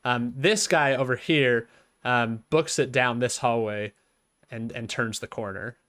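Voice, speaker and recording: A man's voice: mid-range voice, a little slow, fairly bright tone, dry recording, studio quality. A man narrating as game master for a tabletop game, talking hesitantly with fillers and restarts.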